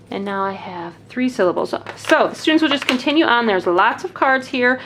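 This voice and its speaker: A woman's voice: medium pitch, a bit bright. Patient woman demonstrating classroom activities. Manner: clear, patient, explaining step by step. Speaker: teacher.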